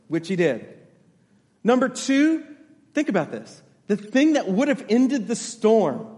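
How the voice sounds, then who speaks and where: Man, pastor, sermon, high voice, long hall reverb, emphatic repetition. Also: a little mellow. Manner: emphatic, repeats key phrases, checks in with congregation.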